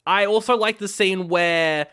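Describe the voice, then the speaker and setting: A man's voice: sits high, measured pace, smooth. A man co-hosting a podcast who recaps film scenes casually, quoting lines and laughing often. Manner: retells scenes with lively quotes, laughs often. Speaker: podcast co-host. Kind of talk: casual chat reviewing an old film.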